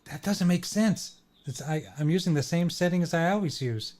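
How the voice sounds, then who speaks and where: A man's voice: on the high side, moderate pace, a little mellow. A man hosting a podcast, chatting casually and talking through technical fixes with an apologetic manner. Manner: apologetic, troubleshooting aloud. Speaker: podcast host. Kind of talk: casual chat.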